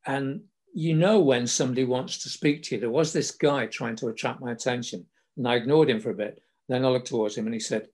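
A man's voice: mid-range voice, fairly quick, few pauses, a little mellow, breathy edge. An older man from England hosting a podcast, telling wry anecdotes in a casual storytelling way. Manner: wry, self-deprecating humour. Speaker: podcast host.

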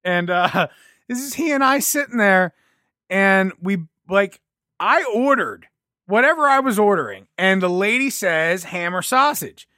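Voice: mid-range voice, lively intonation, unhurried, pushed and bright, no room sound, clean studio sound. A podcast co-host chatting casually and telling rambling anecdotes. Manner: rambling storyteller, laughs through anecdotes. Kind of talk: casual chat.

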